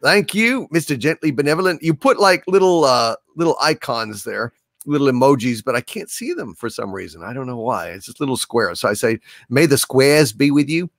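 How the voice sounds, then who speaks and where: A man co-hosting a casual livestream, reading out viewer super chats with lively, swearing banter. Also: mid-range voice, fairly quick, no room sound, clean studio sound. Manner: animated, swearing, laughs often.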